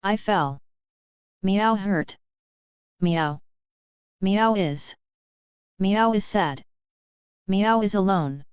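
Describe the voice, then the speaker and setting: Woman reading as a simple-speaking kitten, slow and clear, dull lo-fi audio. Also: medium pitch, no echo. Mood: sad, frustrated. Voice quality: childish broken speech, speaks of self as Meow. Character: small black cat, childish, broken talk. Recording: dull lo-fi sound.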